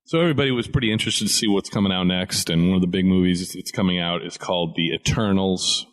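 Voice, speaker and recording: A man's voice: low voice, quick pace. A man, a comic shop owner co-hosting a podcast, explaining news in an easygoing, casual way. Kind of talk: casual chat.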